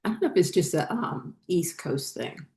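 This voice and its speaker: Low, mellow-voiced woman telling a story. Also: very animated, normal speed, vocal fry, roomy sound. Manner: rambling, many fillers and restarts. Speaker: spiritual channel host. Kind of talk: casual personal storytelling.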